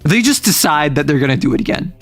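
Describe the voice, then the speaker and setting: A man's voice: on the high side, fast talker, faint music behind. A man livestreaming in a casual chat, retelling a manga plot with jokes and playful asides. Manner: animated, joking, with playful asides.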